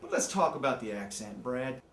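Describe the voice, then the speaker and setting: A man giving a joking, excitable movie review rant, from the American Midwest. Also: mid-range voice, normal speed, reverberant. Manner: joking, excitable, jumps into mocking voices. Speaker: amateur movie critic.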